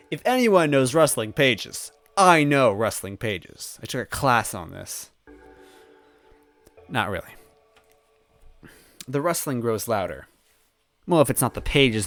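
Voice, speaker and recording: Man, let's play host, reading game text aloud, lively swinging pitch, joking, faint music behind. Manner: animated, joking, quick laughs.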